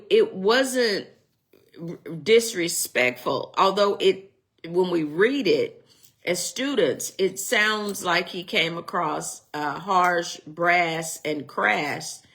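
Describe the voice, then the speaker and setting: Woman, middle-aged, lowish voice, chatty Bible teacher, digresses and jokes. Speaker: Sunday school teacher. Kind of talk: casual Bible lesson.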